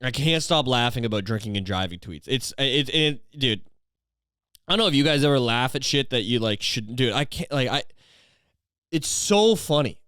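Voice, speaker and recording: A young man from Canada hosting a podcast, rambling through a crude comedic monologue full of filler phrases and deadpan dark jokes. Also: medium pitch, brisk, smooth, no room sound, studio quality. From Ontario, Canada. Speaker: podcast host.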